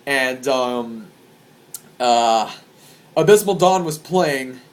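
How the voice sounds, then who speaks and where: A young man telling wild concert stories to camera in a rambling, profane and excitable way. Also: medium pitch, very slow. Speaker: vlogger. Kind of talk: casual storytelling to camera.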